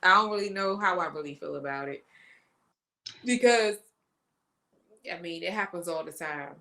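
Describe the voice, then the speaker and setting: A woman's voice: lowish voice, moderate pace. Chatty woman co-host telling a story. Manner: storytelling with lively quoted voices. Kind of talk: casual chat.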